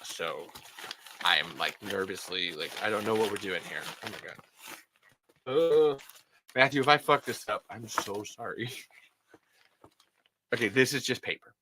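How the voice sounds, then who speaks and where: A man in his thirties hosting a casual livestream, rambling and self-deprecating, swearing freely and breaking into loud impressions. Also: fairly low pitch, moderate pace, long pauses, noisy background. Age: 30s. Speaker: livestream host. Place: hot upstairs room.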